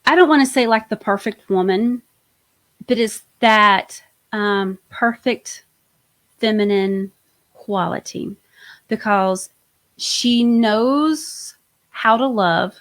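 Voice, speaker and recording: A woman's voice: medium pitch, takes it slowly, long pauses. A woman hosting a live-stream tarot reading, chatty and enthusiastic, often trailing off and restarting her sentences. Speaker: host, tarot reader.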